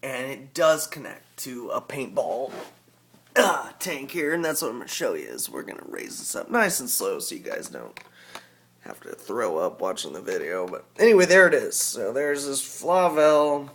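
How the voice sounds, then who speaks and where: A man's voice: mid-range voice, very animated, moderate pace, gravelly, fairly bright tone, a little hiss or hum. A man with a rural Southern US accent, talking casually and rambling in a folksy way as a hobby vlogger. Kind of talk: casual vlog talk.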